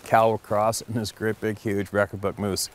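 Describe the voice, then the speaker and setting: A middle-aged man with a slightly low voice tells a story in a loose, casual way. He is an experienced hunting guide who rambles, circles back and repeats himself, and his voice is animated throughout. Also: normal speed.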